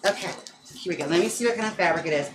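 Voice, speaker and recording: A man's voice: sits high, rapid-fire, noisy background. A man from Wisconsin who performs in drag, chatting on a casual home livestream, campy and dramatic with sudden gasps and sassy asides. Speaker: drag queen and wig stylist streaming live.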